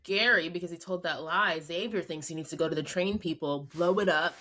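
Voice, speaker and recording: A woman with a slightly low voice co-hosting a casual podcast chat about a show. She finishes her partner's sentences and chimes in with short, emphatic reactions. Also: fairly quick, sharp tone, slight background noise. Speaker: podcast co-host.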